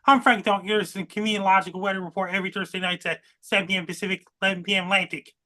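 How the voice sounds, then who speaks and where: A man giving an earnest, repetitive weather forecast, reading lists in a flat sing-song. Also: high-pitched, rapid-fire, no echo, studio quality. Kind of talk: earnest scripted-style forecast.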